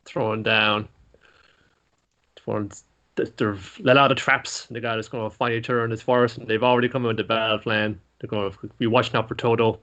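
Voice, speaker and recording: A man co-hosting a podcast, recapping an anime episode in a casual, animated way, swearing often and laughing between lines. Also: lowish voice, fairly quick, highs cut off. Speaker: podcast co-host.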